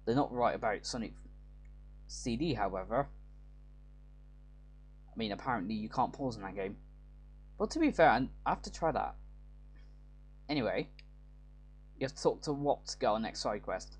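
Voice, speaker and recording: A man's voice: medium pitch, lively intonation, moderate pace, long pauses, husky. A man casually commenting as he plays a game, rambling and often correcting himself mid-sentence. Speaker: let's play host.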